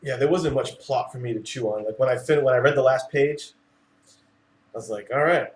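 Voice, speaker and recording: A man's voice: medium pitch, a little fast, darkish tone. A man co-hosts a comic book podcast with plenty of enthusiasm, filling his talk with "like". He is from Massachusetts, and his voice carries a roomy echo. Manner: enthusiastic, says "like" a lot. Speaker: podcast co-host. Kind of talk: casual chat.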